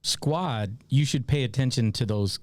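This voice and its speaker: A man's voice: mid-range voice, no echo. Irreverent, laughing male podcast host. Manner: irreverent, profane, quick to laugh. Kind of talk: casual interview conversation.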